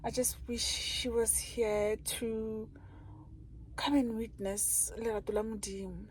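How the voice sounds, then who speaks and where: A woman's voice: on the high side, fairly even intonation, slow, slight background noise, rough recording. A woman chatting in a heartfelt, chatty way to her vlog viewers, calling them guys. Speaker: vlogger. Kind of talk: casual vlog chat.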